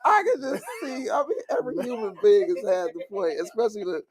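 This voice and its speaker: A man hosting a podcast who reacts excitedly, laughing and egging his guest on. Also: sits high, fairly quick. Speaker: podcast host. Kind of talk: casual podcast chat.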